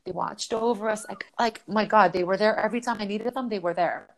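A woman guest on a podcast telling a personal story in casual chat. She talks in an animated way, laughs often, swears casually and acts out her own thoughts in quotes. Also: mid-range voice, fairly quick, slight background noise.

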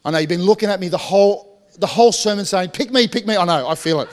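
A man's voice: sits high, fast, a little mellow, big-room sound. A man preaching a sermon in a church, talking conversationally, joking with the congregation, and often restarting his sentences. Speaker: pastor.

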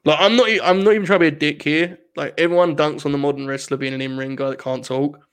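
A man from England co-hosting a podcast, chatting casually in animated, profane, joking rants. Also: a little high, quick pace, clean tone. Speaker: podcast co-host. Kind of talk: casual chat.

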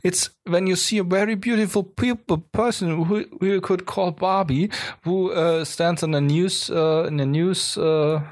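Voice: medium pitch, steady tone, a little mellow, natural voice. Performer doing a rambling, grand prime minister lady. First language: German. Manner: rambling, halting, full of fillers. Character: pompous female prime minister, older, rambling. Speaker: improv comedy performer. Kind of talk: improvised comedic impression.

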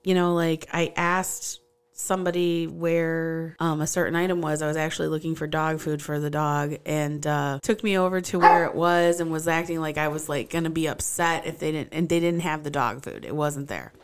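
Chatty woman with a lowish voice. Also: fairly even intonation, clear, resonant tone. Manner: chatty storyteller, quick asides, frequent laughs. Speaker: podcast co-host and stand-up comic. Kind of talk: casual chat.

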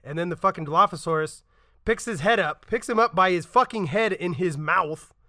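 A man co-hosting a podcast talks in a casual, swearing-heavy chat, acting out lines from scenes he describes. His voice is bright and forceful and sits a little high. The sound is close and dry, with no room around it. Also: fairly quick, dry recording. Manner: profane, animated retelling with acted-out quotes. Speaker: podcast co-host.

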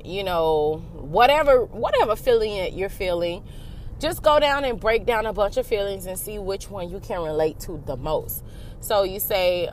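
A woman's voice: mid-range voice, a little hiss or hum. Frank, profane woman talking to camera. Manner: frank and profane, acts out both sides of a talk with herself. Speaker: vlogger giving self-help advice. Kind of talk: casual motivational monologue.

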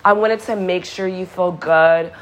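A woman's voice: on the low side, steady tone, measured pace, natural voice. A young woman mimicking a young man at her door who pretends to care, in a sugary, pleading tone. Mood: wheedling. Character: sheepish young man at the door, fake-caring.

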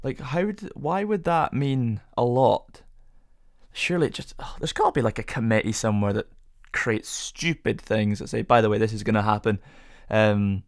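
A man's voice: on the low side, moderate pace, no echo. Young guy rambling on his podcast, lots of questions, dry close mic. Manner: rambling, rhetorical questions, self-amused. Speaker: podcast host. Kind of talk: casual solo podcast musing.

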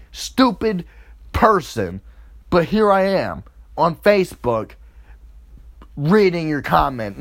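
In a comedic rant full of swearing, a man in his twenties tells a crude, rambling story, breaking into loud, high-pitched mocking voices.

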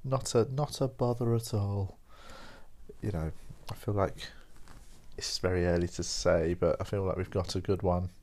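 A man's voice: low-pitched, steady tone, normal speed, a little mellow. A tired young man hosting his own podcast, rambling along in a wry, self-mocking casual chat. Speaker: podcast host.

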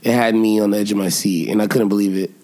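A man's voice: fairly low pitch, steady tone, quick pace, a little mellow. A man co-hosting a podcast in casual chat, with loose, slangy banter and playful teasing. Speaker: podcast co-host.

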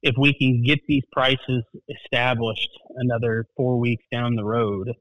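Guy breaking down the markets, steady middle voice, plainspoken, dry sound. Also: mid-range voice, no room sound, rough recording. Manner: plainspoken, measured, folksy phrases. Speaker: market analyst guest. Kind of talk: casual market talk.

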